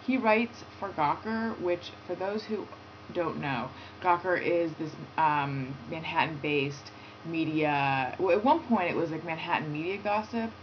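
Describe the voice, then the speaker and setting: A woman's voice: low-pitched, unhurried. A woman hosting a comedy talk show, telling a rambling self-deprecating story and chatting with a guest. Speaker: host. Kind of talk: casual chat and phone interview. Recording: lo-fi with faint noise.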